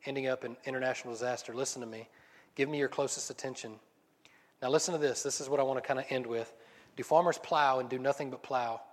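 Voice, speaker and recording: Man preaching in a reverberant hall. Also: mid-range voice. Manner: reads scripture aloud, then explains it conversationally. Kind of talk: sermon with scripture reading. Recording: long reverb.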